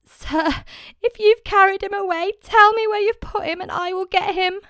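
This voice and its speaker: A woman voicing a grieving young woman disciple in a dramatized scripture reading, with high, pleading, urgent cries. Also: steady tone, moderate pace, a bit bright, no echo, studio quality.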